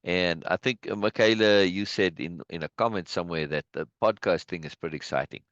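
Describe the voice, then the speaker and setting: A man's voice: sits low, a little fast, fairly bright tone, no echo. A man hosting a casual video-call chat, speaking emphatically and laughing often. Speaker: host. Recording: dull lo-fi video call audio.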